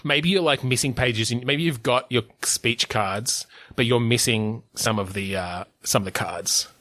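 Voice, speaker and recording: Podcast guy just chatting, rambly, restarts a lot, laughs a bunch, mid pitch, dry close mic. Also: a little slow, fairly bright tone, no echo. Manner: rambling, full of fillers and restarts, laughs often. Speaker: podcast co-host. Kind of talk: casual chat.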